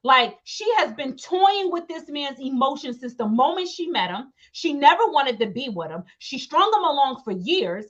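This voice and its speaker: A young woman with a high, bright pitch delivers a heated commentary rant, leaning hard on repeated words for emphasis. Her voice comes through a dull, lo-fi home recording. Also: big pitch swings, moderate pace, hardly any pauses. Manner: emphatic, repetitive, acts out quotes. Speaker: commentary channel host.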